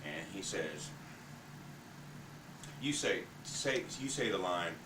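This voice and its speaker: A man's voice: sits low, lively intonation, slow, noisy background. A man casually and hesitantly setting up his next performance for his family, hunting for the words. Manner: hesitant, searching for words, mumbled. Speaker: amateur performer entertaining family. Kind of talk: casual introduction. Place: family home. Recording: roomy, distant home video.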